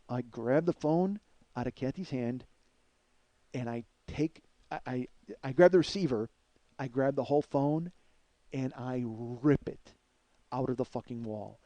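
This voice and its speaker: A man's voice: medium pitch, normal speed, no echo. A middle-aged man telling a heated personal story as a podcast host, swearing constantly and acting out the quotes in it. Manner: profane, heated, acts out quotes loudly. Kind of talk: storytelling monologue.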